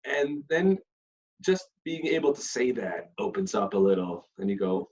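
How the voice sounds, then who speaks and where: A man co-hosting a podcast, talking in a relaxed, candid way in a casual religious discussion. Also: lowish voice, moderate pace, distant mic. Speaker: podcast co-host. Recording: dull audio, a bit off-mic.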